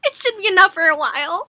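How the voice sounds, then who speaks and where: A young woman hosting a reaction video, gushing and giggling with excitement. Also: extremely high pitch, fairly quick, no echo, clean studio sound.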